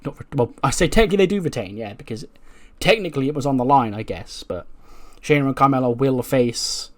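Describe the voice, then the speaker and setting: A man's voice: medium pitch, expressive, a little fast. A man giving casual, amused commentary as he retells a game storyline, voicing the characters along the way. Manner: chatty, amused, narrates with voiced quotes. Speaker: let's play creator.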